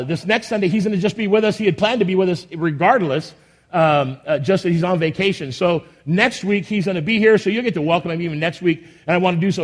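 A pastor giving church announcements and a sermon in a folksy, rambling, enthusiastic way, often restarting his sentences, in a church sanctuary. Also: high-pitched.

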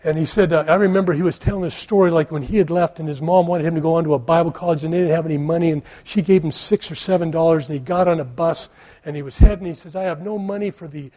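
A middle-aged American man preaching a sermon, telling stories and moving from hushed tones to loud emphatic questions. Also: fairly high pitch, steady tone, fast talker. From United States. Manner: storytelling, shifting from soft hush to loud emphatic questions. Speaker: pastor.

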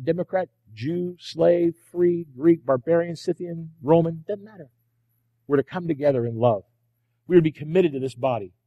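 A man preaching from the pulpit in a fairly high voice, driving home his points with repeated refrains and pointed rhetorical questions. His words ring out with a long reverb in the church hall. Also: darkish tone, muffled recording. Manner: emphatic, repeats key phrases, asks rhetorical questions. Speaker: pastor. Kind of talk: sermon. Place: church sanctuary.

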